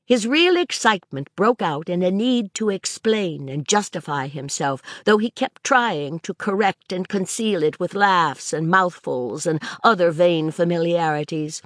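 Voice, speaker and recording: A woman narrating a classic novel for an audiobook in a measured, expressive literary manner. Her voice sits on the low side and moves with lively pitch at an unhurried pace. The recording is dry and close-miked. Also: dry recording.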